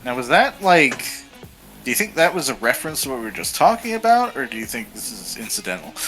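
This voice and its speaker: A man's voice: medium pitch, sing-song, a little fast, sharp tone, faint music behind. A man playing in a tabletop game, talking hesitantly with lots of fillers. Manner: hesitant, filler-heavy, thoughtful. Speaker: player. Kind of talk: casual tabletop role-play.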